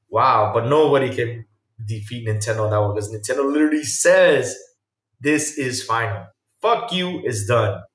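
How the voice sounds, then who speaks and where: A man hosting a casual live-streamed podcast, reacting with loud exclamations and reading viewer chat aloud. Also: medium pitch, reverberant, recorded from a distance.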